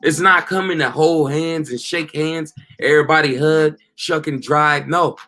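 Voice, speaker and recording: Slangy man preaching, a bit high. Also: unhurried, sharp tone. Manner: casual slang, repeats "you know" and "okay". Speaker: street preacher. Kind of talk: informal preaching monologue.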